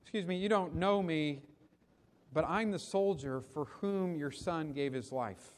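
A man's voice: on the high side, measured pace, natural voice. A man voicing a humble young soldier who speaks hesitantly and earnestly. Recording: long reverb of a big hall.

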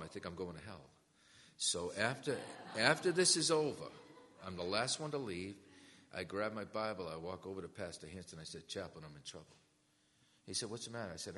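Deep-voiced man preaching in a reverberant hall. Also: fairly bright tone. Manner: storytelling, acts out quoted voices. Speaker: preacher giving testimony. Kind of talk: testimony sermon.

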